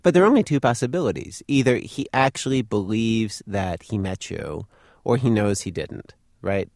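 A man's voice: fairly low pitch, lively intonation, moderate pace, creaky, darkish tone, dry recording, studio quality. A man hosting a conversation, reflective, thinking aloud as he responds to a guest's story. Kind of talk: conversational interview.

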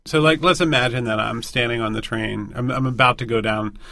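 Gravelly man, dry close mic, animated candid storyteller, self-deprecating. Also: medium pitch, brisk, no echo. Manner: animated, self-deprecating, mimics inner voices. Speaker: interviewee.

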